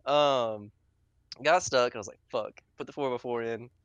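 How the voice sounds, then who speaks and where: A man's voice: medium pitch, unhurried, clean tone, no echo, lo-fi sound. A young man telling a rambling, profanity-laced story to friends, laughing as he goes. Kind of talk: casual storytelling among friends.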